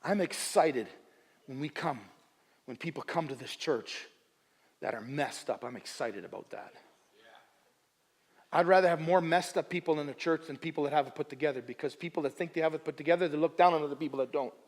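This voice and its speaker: A male pastor preaching a sermon with humor at his own expense, moving between soft asides and loud emphatic bursts and often repeating his phrases. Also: a little high, brisk, in a large hall. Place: church sanctuary.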